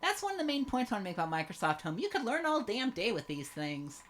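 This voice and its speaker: A woman's voice: on the high side, big pitch swings, quick pace. A woman co-hosting a retro game stream, teasing and swearing playfully in casual chat. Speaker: stream co-host. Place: home stream setup.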